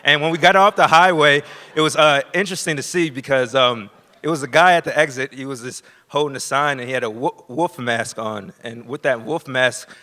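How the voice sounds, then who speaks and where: Bright-voiced nervous male storyteller. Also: mid-range voice. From Florida. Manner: nervous, halting with many fillers. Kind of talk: live personal storytelling. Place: theater stage before a live audience.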